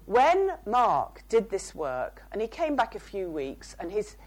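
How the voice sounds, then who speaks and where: A woman's voice: mid-range voice, huge pitch swings, a little slow, low-quality recording. A woman, a psychotherapist and author, telling case stories as a guest. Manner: storytelling with quoted dialogue.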